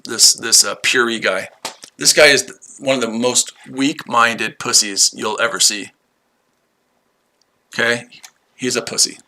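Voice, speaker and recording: A male streamer, medium in pitch, spars with his chat viewers in a profane, combative way. His voice has a very bright, cutting quality, and he keeps circling back over what he has already said.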